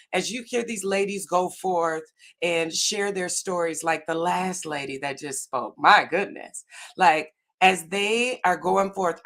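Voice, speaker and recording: A woman's voice: on the low side, fairly bright tone. A woman giving an earnest, faith-based motivational talk on a video call, often checking in with "right?" and "okay?". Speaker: summit speaker.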